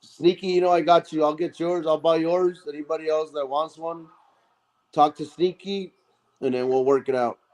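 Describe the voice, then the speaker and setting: A man's voice: fairly high pitch, normal speed. A man who is a regular on the show, telling a story casually and acting out what people said. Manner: animated, acts out quoted dialogue.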